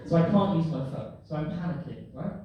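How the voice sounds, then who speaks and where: Lively comic in an echoey club. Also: male voice, on the high side, fairly quick, muffled recording. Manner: animated, laughing through lines, repeatedly addressing an audience member. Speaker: stand-up comedian. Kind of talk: stand-up storytelling and crowd work. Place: live comedy venue. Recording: echoey live venue from far off. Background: audience laughter and room noise.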